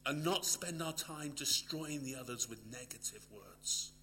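A man preaching a sermon, swinging from loud emphatic lines to hushed near-whispers and repeating phrases for emphasis. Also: medium pitch, unhurried, slight background noise.

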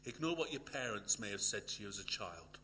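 A man delivering a sermon in a bright, forceful voice. He builds to loud emphatic peaks, then sinks to an intimate near-whisper, repeating key phrases for weight. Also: fairly low pitch, very animated, a little fast, a little hiss or hum. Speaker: preacher.

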